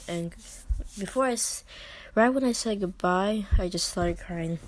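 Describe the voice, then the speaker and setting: A teenage girl telling a personal story in a vlog, halting and hesitant, with many fillers and restarts and soft whispered asides. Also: lowish voice, a little hiss or hum. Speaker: vlogger.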